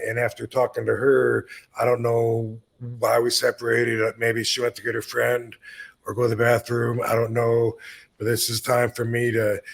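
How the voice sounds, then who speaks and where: A man in his fifties tells a story on his own podcast, loose and rambling, with plenty of swearing. His voice sits at a middle pitch and carries a gravelly, fry-edged texture. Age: 50s. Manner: laid-back, swears freely, rambling with fillers. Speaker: podcast host. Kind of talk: casual storytelling.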